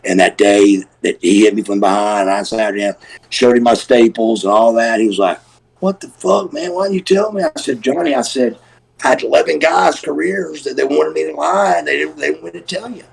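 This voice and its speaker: Gravelly, husky storytelling man. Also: medium pitch, brisk, poor audio. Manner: animated, profane storyteller who acts out quoted voices. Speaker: guest, former pro wrestler. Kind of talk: casual storytelling on a live stream.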